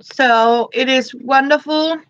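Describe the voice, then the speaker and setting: A woman, chatting gently on a live stream and greeting her viewers by name. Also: high-pitched, steady tone, slow pace, no echo, lo-fi sound. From Denmark. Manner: greets viewers by name between thoughts, gentle, frequent soft laughs. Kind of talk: casual live-stream chat.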